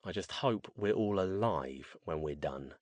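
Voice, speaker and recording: A male narrator voicing a grim, dry-witted scholar-sorcerer who speaks in a measured, wry way. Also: fairly low pitch, animated, dry recording, natural voice.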